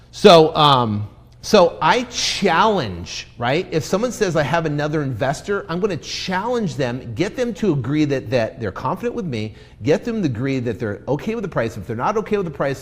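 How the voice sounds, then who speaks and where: Man coaching real estate sales live. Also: mid-range voice. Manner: energetic, role-plays sales scripts to a seller; repeats himself, many fillers and restarts. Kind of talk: Facebook Live teaching.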